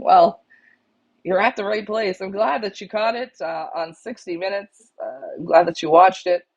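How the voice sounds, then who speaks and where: A woman's voice: medium pitch, fairly even intonation, moderate pace, a little mellow, breathy edge. Blunt, exasperated woman on lo-fi audio. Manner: blunt, exasperated, repeats points for emphasis. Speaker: co-host of a pigeon auction club show. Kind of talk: casual live-stream chat to club members. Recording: dull, lo-fi stream audio.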